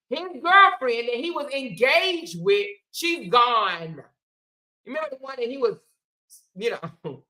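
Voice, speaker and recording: A woman hosts opinionated commentary in a fairly high voice, captured on a rough recording. She is animated and colloquial, firing off rhetorical questions and emphatic asides.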